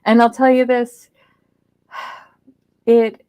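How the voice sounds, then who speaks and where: A woman speaking as a podcast guest, telling a personal story in an earnest way, swinging between loud emphasis and hushed asides. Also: on the high side, level tone, extremely slow, smooth, dry recording, dull audio.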